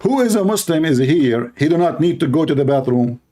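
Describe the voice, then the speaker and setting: A man's voice: fairly high pitch, animated, fairly quick, warm tone. Sarcastic man. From Middle East. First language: Arabic. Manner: sarcastic, mocking, blunt. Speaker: Christian apologist. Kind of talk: mocking debate commentary.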